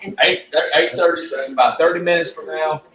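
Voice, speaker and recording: A man hosting a live radio auction, reading out bids in a steady, plain way. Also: on the high side, fairly quick, roomy sound, poor audio. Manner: steady, plain, with frequent uh fillers.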